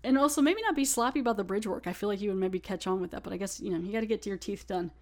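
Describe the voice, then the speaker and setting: A woman's voice: medium pitch, rapid-fire, darkish tone. A young adult woman hosting a podcast, casually recapping an episode in a chatty way full of "like" and laughter. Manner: chatty, laughs, many "like" fillers. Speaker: podcast host.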